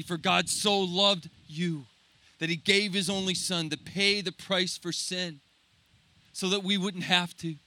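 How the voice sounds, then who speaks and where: Bright, forceful preaching man. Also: high-pitched, no echo. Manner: impassioned preaching, drops to soft intimate tones, slows on key phrases. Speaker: pastor. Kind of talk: sermon.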